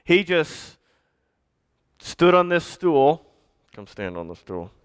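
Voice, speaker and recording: A man's voice: on the high side, sing-song, slow, clean tone. A man, a pastor, telling a children's story during a church service and directing children to act parts out.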